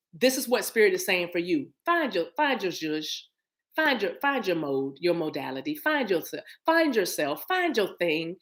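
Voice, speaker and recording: A middle-aged woman gives a spiritual card reading in a loose, chatty way. She is animated and encouraging, acting out scenes with hums and little sounds. Her voice sits at an ordinary pitch for a woman. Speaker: spiritual reader.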